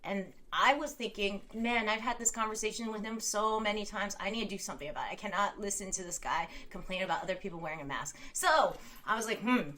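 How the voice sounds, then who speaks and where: A woman's voice: mid-range voice, fast, few pauses, pushed and bright. A young adult woman from California hosting a casual livestream chat, rambling and laughing often as she reads viewer comments. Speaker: livestream host. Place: home room.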